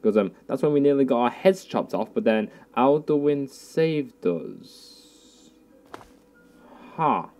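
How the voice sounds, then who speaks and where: A man's voice: medium pitch, expressive, takes it slowly, highs cut off, faint music behind. A young man giving casual, goofy, self-mocking let's play commentary. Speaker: gaming youtuber.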